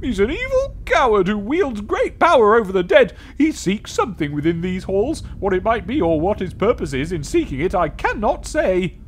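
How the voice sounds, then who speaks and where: A man booming as a wrathful tomb ghost. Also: sing-song, slight background noise. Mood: solemn. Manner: booming, pompous, drawn-out proclamations. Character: wrathful male guardian spirit of a tomb.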